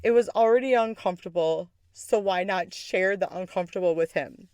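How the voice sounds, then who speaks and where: A woman hosting a podcast, telling a personal story in a candid way, swearing freely and jumping up in pitch for emphasis. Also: normal speed, darkish tone, dry recording, clean studio sound. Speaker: podcast host. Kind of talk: casual storytelling.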